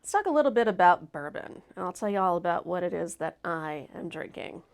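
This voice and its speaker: A woman hosting a casual live stream, loud, laughing often and swearing freely. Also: lowish voice, animated, fairly quick, gravelly. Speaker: host.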